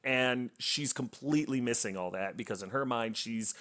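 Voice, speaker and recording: A man's voice: medium pitch, moderate pace, fairly bright tone. A man reviewing a book, casually retelling its plot in a rambling way with lots of fillers and restarts.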